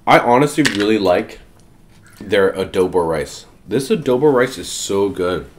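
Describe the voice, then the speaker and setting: A woman's voice: rumbling low, animated, measured pace, darkish tone, a little hiss or hum. A woman eating on camera with her child, chatting casually and coaxing between bites. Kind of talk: casual eating vlog chat.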